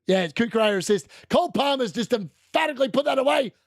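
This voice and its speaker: A man hosting a live fantasy football watchalong, chatting through the games and shouting when goals go in. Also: very high voice, lively intonation, quick pace, no room sound, studio quality.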